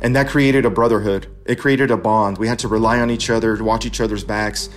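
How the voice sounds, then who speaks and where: A man's voice: fairly low pitch, steady tone, brisk, slight background noise. A man from California in his thirties, earnestly telling his own life story and acting out the dialogue he recalls. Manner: earnest, acts out quoted dialogue. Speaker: veteran storyteller. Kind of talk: personal narration.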